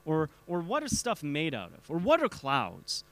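Man, casual church teacher, stammering restarts, engages the audience, voice on the high side. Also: wildly swooping pitch. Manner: halting, repeats words, asks the audience questions.

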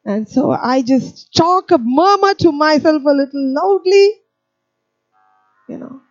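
A woman's voice: high-pitched, measured pace, no room sound, highs cut off. A woman preaching a sermon, telling stories with humour and acting out scenes. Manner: animated, humorous storytelling, acting out scenes.

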